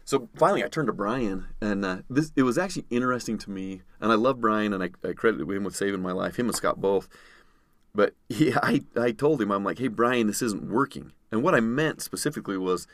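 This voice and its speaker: Male guest storyteller, lower register, dry close mic, animated retelling. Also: brisk, no room sound. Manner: vivid storyteller, acts out others' shouting. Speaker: podcast guest. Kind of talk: storytelling in conversation.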